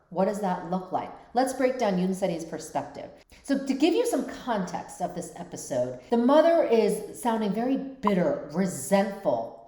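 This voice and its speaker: A woman's voice: mid-range voice, dark tone, reverberant. A woman hosting a show that looks at TV dramas through mental health, talking in a reflective way and often checking in with "right?". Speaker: host.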